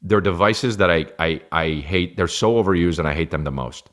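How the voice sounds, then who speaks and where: Deep-voiced man ranting with profanity. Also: fairly quick, fairly bright tone. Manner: profane, rambling, stammers and restarts. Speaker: podcast host. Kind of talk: casual comedic rant.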